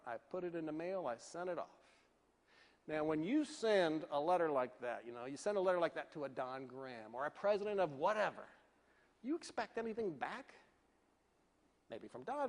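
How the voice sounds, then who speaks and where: Male keynote speaker, animated storyteller, fairly high voice, echoey hall. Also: fairly quick. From Northern Virginia. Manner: animated, acts out the voices of people in his stories.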